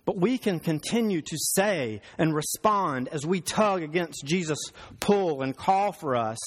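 A male pastor preaching a sermon, telling stories and slowing down for emphasis. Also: on the high side, expressive. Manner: storytelling, slows for emphasis. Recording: long hall reverb.

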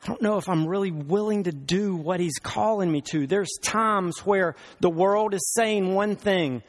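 A male pastor preaching a sermon, animated and emphatic, with rhetorical questions. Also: high-pitched, a little slow.

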